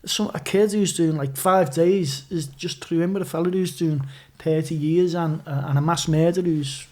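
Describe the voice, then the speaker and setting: A man's voice: a little high, normal speed. Chatty scouse man telling prison stories. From Liverpool. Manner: animated anecdotes, swearing, rambling restarts. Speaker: podcast guest. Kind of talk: casual storytelling.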